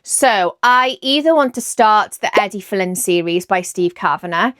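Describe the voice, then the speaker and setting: A woman with a Welsh accent, chatting excitedly about books she plans to read and often second-guessing herself. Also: mid-range voice, measured pace, dry recording, studio quality. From Wales. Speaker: book vlogger. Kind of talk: casual chat about books.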